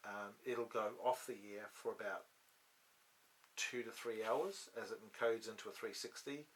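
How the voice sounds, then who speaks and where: A man's voice: on the low side, normal speed, a bit bright. A man hosting a casual studio chat, rambling with many restarts and ums, on a studio microphone. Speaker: host. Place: podcast studio.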